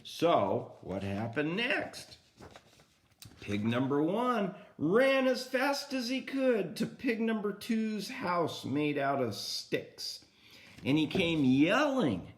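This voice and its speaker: An older man reading a picture book aloud to a child, animated and often asking the listener questions. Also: a little high, takes it slowly. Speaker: grandfather storyteller.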